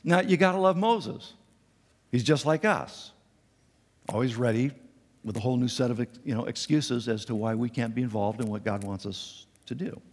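Man preaching in an echoing hall. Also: moderate pace. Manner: animated, acts out quotes with raised pitch and volume. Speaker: pastor. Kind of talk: sermon. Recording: long reverb in a large hall.

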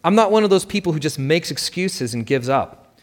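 A man voicing a self-absorbed, ambitious middle-aged mother who talks in a brisk, dismissive way. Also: on the high side, expressive. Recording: long reverb.

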